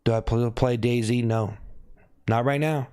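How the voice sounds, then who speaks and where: A man talking casually on a live stream, thanking viewers by name and asking if he looks upset, with sudden high whoops. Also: steady tone, measured pace, dark tone, clear, resonant tone. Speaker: livestreamer.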